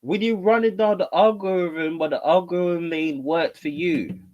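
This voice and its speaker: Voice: mid-range voice, moderate pace, darkish tone, muffled recording. A battle rap channel host doing reaction commentary, teasing and repeating catchphrases.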